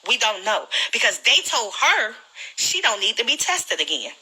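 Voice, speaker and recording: Woman, very bright and sharp voice, earnest, pleading, holding back tears, livestream to viewers. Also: a little high, sing-song, normal speed, husky, rough recording. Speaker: livestreamer sharing her illness experience. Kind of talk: emotional direct-to-camera livestream.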